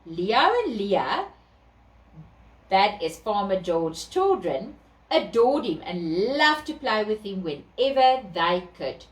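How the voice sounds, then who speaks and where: A woman with a South African accent reading an animal story to children in an animated way. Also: mid-range voice. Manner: animated, slow, sing-song. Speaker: children's storyteller at a therapy centre. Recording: echoey room, distant mic.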